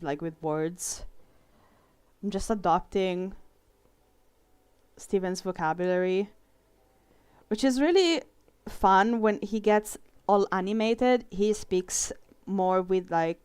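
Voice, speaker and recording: A woman's voice: medium pitch, darkish tone, smooth, dry recording. A young woman with an Italian accent, an illustrator chatting casually and self-mockingly while she draws on a stream, laughing often. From Italy. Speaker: illustrator live-streaming a drawing session. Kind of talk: casual chat while drawing.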